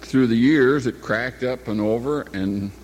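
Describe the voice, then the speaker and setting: A man's voice: medium pitch, measured pace, darkish tone, a little hiss or hum. An older man telling a long personal anecdote in a folksy, meandering way, often stopping to correct himself. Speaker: storyteller. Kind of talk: rambling spoken anecdote.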